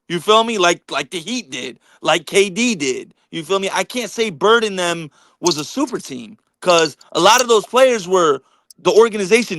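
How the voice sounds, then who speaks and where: A man's voice: sits high, a bit bright, no room sound. A man co-hosting a basketball talk stream, answering the chat and stumbling over repeated words while making his case. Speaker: livestream co-host reading chat. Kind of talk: casual sports debate chat.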